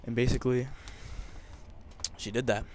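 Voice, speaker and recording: A man's voice: mid-range voice, little pitch movement, normal speed, a little mellow, slight background noise. A young man telling a personal story over gameplay commentary, emotional and rambling, with many restarts. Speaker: gamer.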